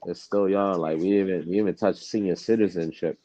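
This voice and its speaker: A man co-hosting a podcast in casual chat, relaxed and full of fillers, repeating himself. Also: sits low, fairly quick, no room sound. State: out of breath. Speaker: podcast co-host. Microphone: phone on the move. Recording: dull lo-fi sound.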